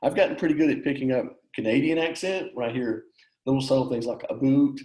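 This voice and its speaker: A man's voice: mid-range voice, fast talker, a little mellow. A man with a Southeastern US accent giving a webinar presentation over a video call, in an easygoing, conversational way. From Alabama, USA. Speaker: guest presenter. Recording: echoey room on a video call.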